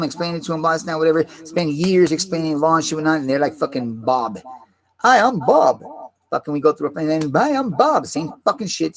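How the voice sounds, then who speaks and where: A man in a rambling, profane rant, his voice sitting a little high for a man. He sounds agitated and circles back over the same points. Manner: agitated, swears constantly, repeats himself.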